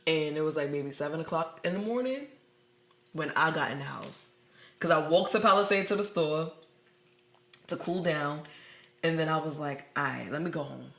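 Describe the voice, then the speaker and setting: A young woman, co-hosting a podcast, telling stories in an animated, profane way and laughing through them. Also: low voice, moderate pace, vocal fry, pauses often. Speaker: podcast co-host. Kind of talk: casual storytelling chat. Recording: echoey room.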